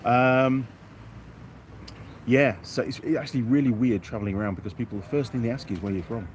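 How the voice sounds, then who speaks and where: A man's voice: mid-range voice, a little fast, slight background noise. A middle-aged man from York, England, hosting a casual outdoor live stream, chatting and reading out viewer comments by name in a self-deprecating way.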